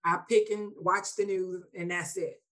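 A woman in a casual chat, speaking with soft, weary sincerity. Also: on the low side, fairly even intonation, measured pace, rough recording.

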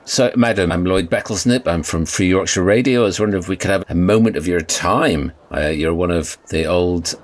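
A man's voice: sits low, brisk, few pauses, close to an everyday voice. A man playing a polite, bemused radio reporter in a comedy audio sketch, talking in a dry way.

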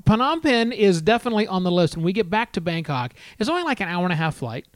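A man with a high voice that swings up and down hosts a relaxed podcast conversation. He throws in wry, joking remarks. The sound is dry and close, with no room around it. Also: fast talker, no echo. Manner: wry, jokey interjections. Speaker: podcast host. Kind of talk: casual chat.

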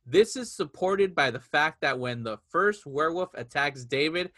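A man's voice: fairly high pitch, moderate pace. Chatty man retelling a movie. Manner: animated storyteller, acts out quotes in voices. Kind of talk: casual movie chat.

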